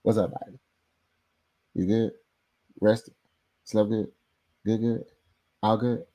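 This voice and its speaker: A man hosting a casual sports talk livestream from his home setup, loose and animated, with heavy slang and lots of repeated phrases. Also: on the low side, takes it slowly. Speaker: podcast host. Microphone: new desk microphone setup.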